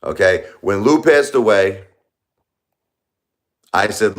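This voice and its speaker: A man's voice: low voice, animated, normal speed, soft background music. A man hosting a live stream, lecturing and scolding his chat commenters in a confrontational, repetitive way. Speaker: livestream host.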